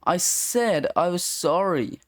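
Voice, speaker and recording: Read-aloud voice of a cocky, wisecracking sixth-grade boy, as the reader puts him on. He comes across unhurried, delivering each flippant line in a dry, close-miked voice with no room around it. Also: mid-range voice, expressive, no room sound. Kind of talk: comic strip read-aloud.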